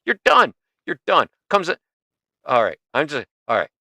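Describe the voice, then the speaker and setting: A man hosting a livestream, reacting to animal videos with excited yelps, laughs and swearing. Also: on the high side, moderate pace, gravelly, dry recording. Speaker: livestream host reacting to clips. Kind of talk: casual reaction commentary.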